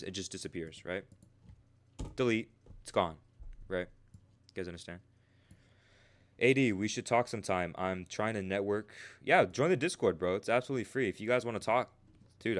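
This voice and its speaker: A man hosting a trading livestream, teaching in a casual way, talking to chat viewers by name and tagging "right?" onto his points. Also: low voice. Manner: conversational, keeps asking "right?". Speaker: trading stream host.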